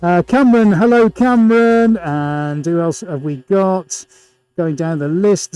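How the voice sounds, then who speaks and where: A man hosts a live painting stream, rattling off greetings to viewers by name and throwing in jokey asides. His voice sits a little high but has a warm, mellow tone. Soft music plays quietly behind him. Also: slow pace, clean tone. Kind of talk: casual live-stream chat.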